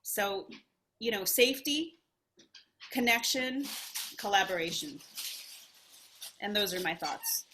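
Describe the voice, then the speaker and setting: A woman sharing her thoughts in a casual group video call, thoughtful and hesitant, with many pauses and fillers. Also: medium pitch, animated, sharp tone, a little hiss or hum. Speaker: study group participant.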